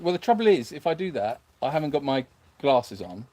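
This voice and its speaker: A man's voice: mid-range voice, very animated, a little fast, dark tone, dry recording. A man hosting a sanctuary livestream, reading viewer comments aloud in a hesitant, self-mocking way with lots of fillers. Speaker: animal sanctuary host.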